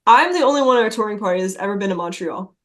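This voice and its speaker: A woman's voice: medium pitch, expressive, rapid-fire, a bit bright. A young adult woman, a touring musician guest, telling road stories in casual chat, laughing often and swearing freely.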